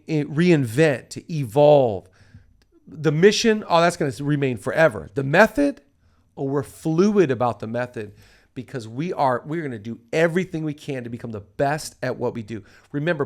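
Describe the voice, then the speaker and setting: A middle-aged man hosting a leadership podcast, talking in an emphatic, preacher-like way and repeating phrases for stress. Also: fairly high pitch. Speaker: pastor and podcast host.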